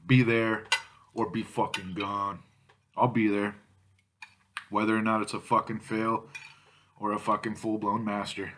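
A man's voice: on the low side, flat delivery, a little slow, pauses often, noisy background. A man vlogging about drinking malt liquor, ranting angrily at viewers with constant swearing. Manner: angry, foul-mouthed, insulting. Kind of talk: profane ranting vlog.

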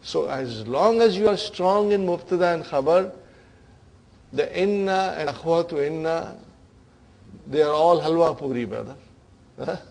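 A man's voice: on the high side, animated, unhurried, gravelly, long pauses, a little mellow. A man teaching Arabic grammar to a class, explaining terms in English, checking in with "huh?" and "okay?" and calling students brothers and sisters. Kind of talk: classroom lecture.

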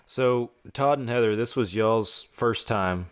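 A podcast host interviewing his guests with upbeat reactions and quick, running questions. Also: medium pitch, clear, resonant tone, dry recording.

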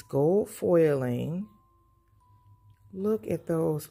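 A woman's voice: rumbling low, unhurried, mellow, soft background music. A woman gushing through a casual sticker book review for her planner channel at home. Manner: gushing, enthusiastic, repeats praise. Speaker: planner vlogger.

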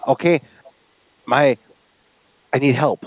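A man's voice: medium pitch, slow, dry recording. A man making a prank call, insisting and swearing at the person on the other end. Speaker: prank caller. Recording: phone-like narrow sound.

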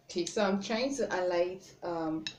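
A young woman with a Nigerian accent chatting through a makeup tutorial at home, self-conscious and often trailing off softly. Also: fairly low pitch, normal speed. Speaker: beauty vlogger. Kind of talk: casual makeup tutorial chat. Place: room at home. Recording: roomy with faint background noise.

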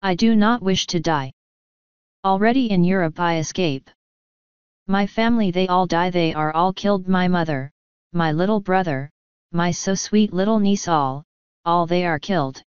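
A frantic young refugee cook, as a woman reader puts her on, pouring out her words in broken English. The voice is clear and dry, and the recording sounds a little dull and lo-fi. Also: lowish voice, no echo, natural voice. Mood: agitated. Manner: agitated, broken English, rapid outbursts.

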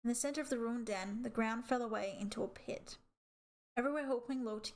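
A woman reading a children's animal novel aloud as audiobook narration in a steady storytelling way. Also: fairly high pitch. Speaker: audiobook reader.

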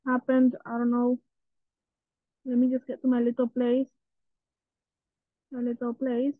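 A woman's voice: on the high side, no room sound. A woman chatting casually through her gameplay as a channel host, easily spooked and often repeating herself. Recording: tinny phone-like sound.

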